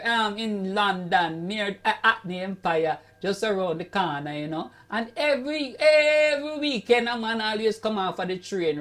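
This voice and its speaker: A Jamaican man spinning stand-up comic tales in a fairly high voice. He is animated and playful, and he bursts out with loud cries of "Ay, boy" between the stories. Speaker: comedian.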